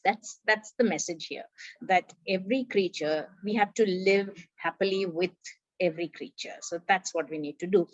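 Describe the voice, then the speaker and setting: A woman reading a story aloud to a class of schoolchildren, animated and acting out the characters' lines, with an Indian English accent. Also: medium pitch, no room sound, lo-fi sound.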